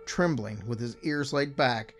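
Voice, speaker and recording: An older man telling a first-person story in a calm, measured way, softening his voice on eerie details. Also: medium pitch. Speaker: narrator. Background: faint music.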